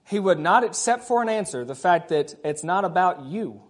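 Male pastor with a high voice, preaching a conversational sermon full of rhetorical questions. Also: animated, normal speed.

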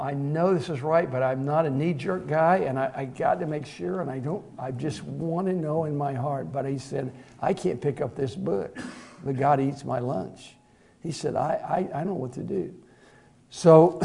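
A middle-aged man preaching in an easy, folksy way, telling a story to his congregation. His voice is mellow and warm, at an ordinary pitch for a man. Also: creaky. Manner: folksy, conversational storytelling with fillers and repeated "he said". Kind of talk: sermon with storytelling.

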